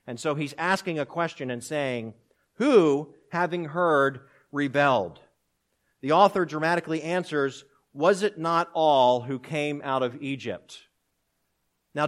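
Man preaching a dramatic sermon. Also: on the high side. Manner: dramatic preaching, rising loud on quoted questions. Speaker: pastor.

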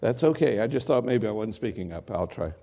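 A man preaches to his congregation in a slow, deliberate, emphatic way, leaning on dramatic pauses. His voice is gravelly and dark, and his pitch swings widely as he presses each point. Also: lively intonation. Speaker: pastor. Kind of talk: sermon. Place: church sanctuary with congregation.

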